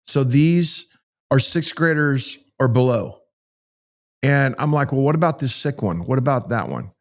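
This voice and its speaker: A middle-aged man from Texas, a pastor telling stories in a folksy, animated way during an interview. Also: mid-range voice, a little slow. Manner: folksy, animated storyteller with frequent restarts. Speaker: pastor and child rescuer. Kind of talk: interview storytelling.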